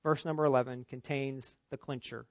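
A man preaching an expository sermon, emphatic, climbing for stress and dropping low for asides. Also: fairly even intonation, moderate pace, no room sound. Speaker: pastor.

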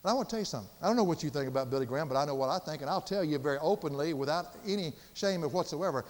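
An older man preaching a sermon with passion, swinging from loud emphasis to hushed, quiet tones. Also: a little high, lively intonation, racing, in a large hall. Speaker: pastor.

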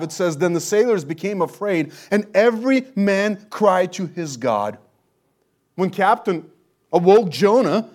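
A man with a high voice preaches a sermon through a passage verse by verse. He speaks earnestly, swelling loud for emphasis and then falling low and soft. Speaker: pastor. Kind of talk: expository sermon.

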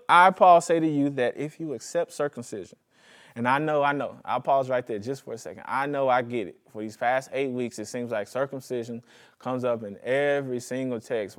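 A man preaching a conversational, animated sermon as pastor, joking and calling on the congregation. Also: medium pitch. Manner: animated, conversational preaching with jokes and audience prompts.

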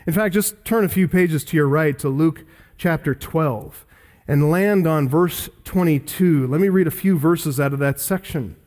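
A man's voice: on the high side, measured pace, darkish tone. A male pastor teaching an expository sermon, reading scripture aloud and stressing key words earnestly.

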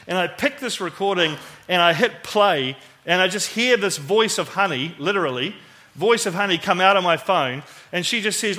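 A man's voice: sits high, moderate pace, bright, forceful tone. A man with a New Zealand accent telling a personal story in a conversational sermon, acting out the voices he quotes.

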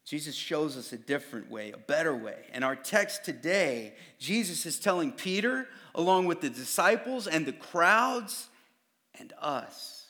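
A man's voice: a little high, big pitch swings, measured pace, sharp tone. A man preaching a sermon in a casual, conversational way, often acting out what others say. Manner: casual, conversational preaching that acts out quoted voices. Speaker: pastor.

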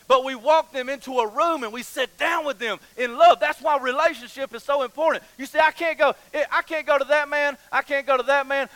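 A man's voice: very high voice, sharp tone, no room sound, poor audio. A man preaching a sermon as pastor, passionate, repeating phrases and asking rhetorical questions.

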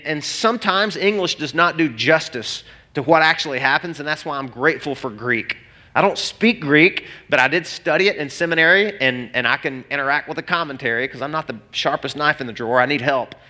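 A male pastor preaching a sermon to a congregation, animated and conversational, often restarting phrases. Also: a little high. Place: church hall before a congregation.

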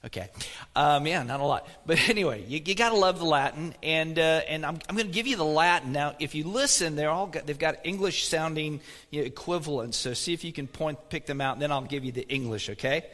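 Pastor guy preaching, casual and quizzing the crowd, bit of a higher voice, big reverby hall. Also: brisk, fairly bright tone. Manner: conversational, asks the congregation questions. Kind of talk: sermon. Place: church sanctuary.

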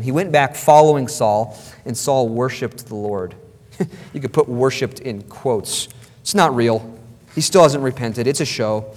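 A man's voice: a little high, a little mellow. A man preaching a sermon as pastor, emphatic and repeating phrases for stress. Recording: long hall reverb.

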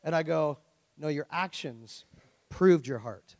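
A man's voice: a little high, slow pace, a little mellow. A middle-aged man preaching a sermon as pastor, conversational and joking, full of rhetorical questions. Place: church. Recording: long church hall reverb.

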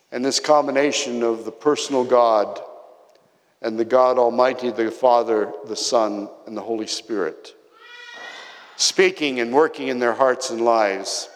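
A man preaching a sermon to his congregation. He tells stories with emphatic pauses, and his voice often drops quiet. His voice carries a long reverb from a large church hall. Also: mid-range voice.

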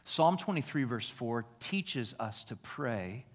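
A pastor preaching a sermon, shifting between hushed, slow reflection and raised, emphatic passages. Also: male voice, medium pitch, lively intonation. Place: church.

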